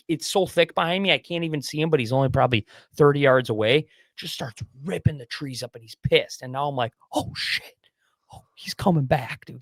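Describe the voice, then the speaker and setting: A man's voice: medium pitch, no echo. A young man co-hosting a podcast, telling a hunting story in casual chat, acting out his own thoughts, whispering some and swearing now and then. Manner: animated, swears, acts out his own inner voice. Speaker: podcast co-host.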